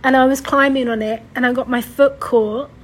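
A woman's voice: high voice, steady tone, normal speed, breathy edge, low-quality recording. A young woman hosting a podcast, telling a personal story in a tearful, rambling way, sighing and correcting herself as she goes. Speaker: podcast host.

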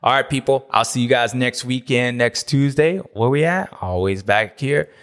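Male host for a racing recap, mid-pitched, animated, playfully grumpy. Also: moderate pace. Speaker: motocross show host. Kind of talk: casual ranting commentary.

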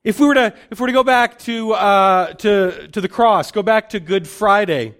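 A man's voice: high voice, normal speed, a bit bright. A male pastor giving a conversational sermon, often restarting and repeating words as he thinks aloud.

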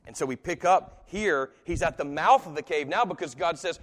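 A man's voice: on the high side, animated, moderate pace, fairly bright tone. A man preaching a live sermon to an audience, talking conversationally with sudden emphatic rises and occasional chuckles. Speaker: pastor. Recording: long hall reverb.

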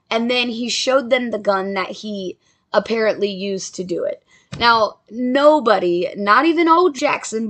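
A young woman with a slightly high voice narrates a ghost story in a relaxed, conversational way. She tosses in playful asides to her listeners, so it sounds more like casual chatting with friends than reading.

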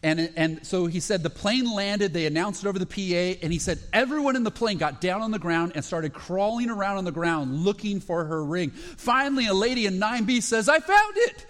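A man preaching a sermon with a fairly high voice. He retells stories in short, broken phrases, often restarting and filling pauses, and lifts into excitement when a story peaks. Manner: speaks in short phrases with frequent fillers and restarts. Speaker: pastor.

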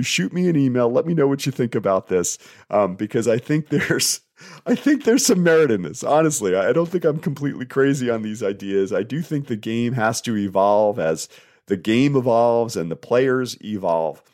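A man's voice: medium pitch, lively intonation, a little fast, darkish tone, dry recording, studio quality. A man in his forties hosting a casual podcast, telling stories earnestly and with animation, often using fillers. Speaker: podcast host and soccer referee. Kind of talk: casual solo podcast talk.

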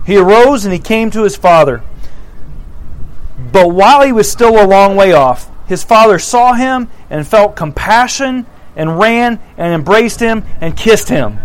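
High-voiced man preaching a sermon. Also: a little slow, clean tone, poor audio. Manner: animated, acts out the characters' lines in voices. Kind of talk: sermon retelling a parable.

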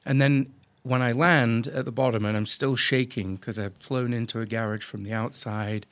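A man casually telling a story as a podcast guest, animated and acting out the people he quotes, with some swearing. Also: medium pitch, moderate pace, dry recording. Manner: salty, swears freely. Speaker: podcast guest, drone business owner.

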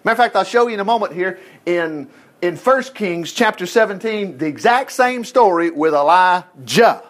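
A middle-aged man preaching a sermon as pastor, telling stories in a folksy, animated way with chuckled asides. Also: high voice, normal speed.

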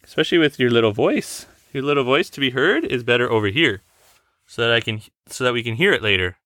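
A woman hosts a casual podcast with a child, her voice low but lively as it rises and falls. She has a bright, crisp tone and speaks in a patient, coaxing, teacherly way. The sound is dry and close on a desk microphone. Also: fast talker, no echo. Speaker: podcast host.

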